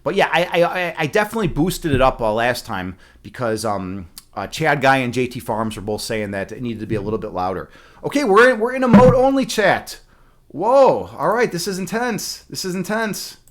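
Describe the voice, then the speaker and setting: A man's voice: mid-range voice, sing-song, normal speed, few pauses. A man live-streaming and chatting casually, a chess instructor who rambles with many fillers and restarts and laughs often.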